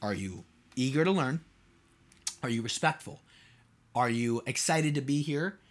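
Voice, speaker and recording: A man's voice: mid-range voice, animated, a little slow. A man hosting his own podcast in a casual solo monologue, rambling and asking his listeners rhetorical questions with lots of "like"s. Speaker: podcast host and mentor.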